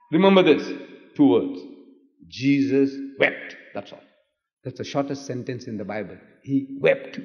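An older man, preaching in an impassioned lecture that swings from loud emphatic cries to hushed asides. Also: mid-range voice. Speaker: Islamic preacher in debate. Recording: echoey hall, dull old lecture tape.

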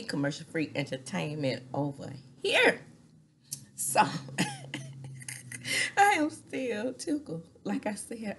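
A woman's voice: lowish voice, a little hiss or hum. A woman in her forties chatting casually through a reality-TV recap, gossipy, laughing often and dropping into whispers. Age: 40s. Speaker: recap vlogger.

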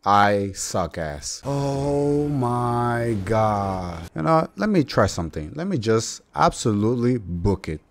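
Male gamer, lowish voice, exasperated play-by-play full of swearing and outbursts, faint background hum. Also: sing-song, normal speed, gravelly, hardly any pauses. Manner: exasperated, swearing and loudly exclaiming. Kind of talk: gameplay commentary.

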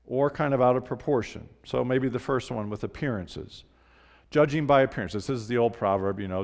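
An older man preaching a sermon as pastor, emphatic on key words and dropping soft and low for tender parts. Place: church sanctuary. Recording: church livestream with long hall reverb.

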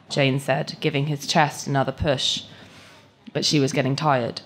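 A woman reading a short story aloud at a live event, with measured, expressive narration. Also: extremely low pitch. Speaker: story reader.

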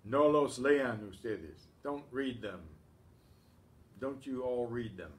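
A man teaching a class, speaking slowly and patiently and clearing his throat often. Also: medium pitch, slight background noise. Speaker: Spanish teacher. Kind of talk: class lesson.

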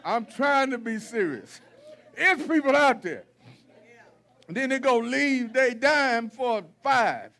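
Male pastor, very high voice, folksy, blunt sermon style with repetition. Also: expressive, takes it slowly, sharp tone. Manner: folksy, preachy, calls out the congregation with repetition. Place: church sanctuary.

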